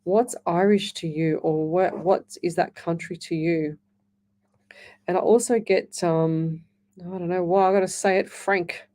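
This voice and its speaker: Woman, radio psychic host; easygoing, reassuring chat, soft dark tone. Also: fairly low pitch, steady tone, unhurried. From Australia. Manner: chatty, reassuring, calls listeners lovey; reads listener comments aloud. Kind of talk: live call-in readings.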